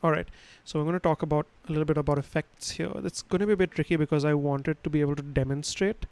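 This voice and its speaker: A man's voice: a little high, steady tone, fast, a little mellow, clean tone, dry recording, poor audio. Casual man teaching sound basics. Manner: casual, digressive, many fillers and restarts. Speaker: instructor. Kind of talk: livestream lesson on sound. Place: his home room. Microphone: home studio microphone.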